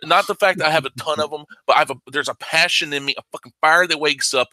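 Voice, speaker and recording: A man with a very bright, forceful voice talks comics retail on a podcast, fired up and swearing freely. His sound is dry and close, with no room around it. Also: on the high side, fast talker, no echo. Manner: impassioned and profane, swinging into loud outbursts. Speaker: comic shop owner guest. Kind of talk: casual podcast chat.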